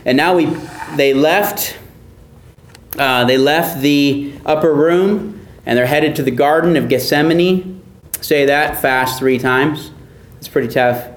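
Guy pastor teaching bible study, slightly high voice, laid back and chatty, roomy echo. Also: slow. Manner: relaxed, conversational, with fillers and restarts. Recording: echoey room.

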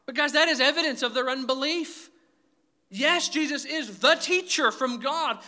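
Man, pastor, sermon, emphatic, very high voice, sharp bright tone. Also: normal speed. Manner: emphatic preaching, addresses listeners as guys.

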